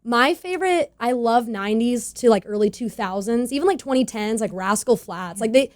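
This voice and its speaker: Young woman from California, country singer guest; bubbly, laughs a lot, higher voice. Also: expressive, normal speed. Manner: bubbly, laughs often, acts out quoted voices. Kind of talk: casual interview chat.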